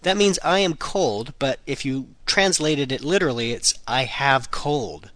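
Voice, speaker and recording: Lively man teaching slowly, dry sound. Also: medium pitch, no room sound. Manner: lively, repeats phrases slowly for learners. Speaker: language teacher, podcast host. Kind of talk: podcast language lesson.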